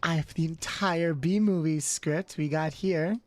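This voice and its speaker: A woman's voice: low-pitched, steady tone, measured pace, soft background music. A woman putting on a teasing motherly voice. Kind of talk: live-stream bit.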